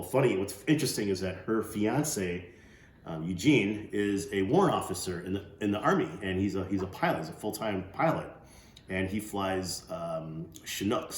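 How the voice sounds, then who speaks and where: A man's voice: lowish voice, darkish tone. A middle-aged man, a teacher, chatting and then reading a novel aloud to his class, with many fillers. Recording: echoey room.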